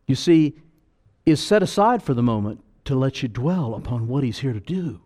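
Guy preaching a sermon, voice swings all over, gets loud then goes quiet. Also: sing-song, normal speed. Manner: fervent, swelling loud on key phrases then dropping low.

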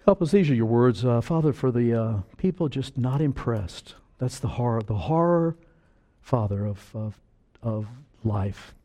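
A man preaching a sermon, earnest and slow on key words, breaking into sudden loud bursts of urgency. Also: mid-range voice, lively intonation.

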